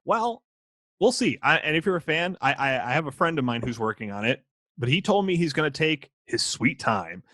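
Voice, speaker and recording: A man's voice: mid-range voice, animated, brisk, bright, forceful tone, dry recording, studio quality. A man co-hosting a casual podcast, goofy and playful, joking between topics. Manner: goofy, playful, sings and barks. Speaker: podcast co-host. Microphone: podcast mic.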